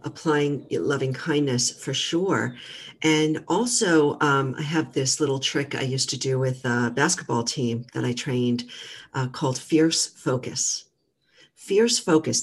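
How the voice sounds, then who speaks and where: A middle-aged woman, a guest trainer, talking casually in a gentle coaching manner with lots of fillers. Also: very deep voice. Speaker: guest, mental fitness trainer. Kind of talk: casual interview talk.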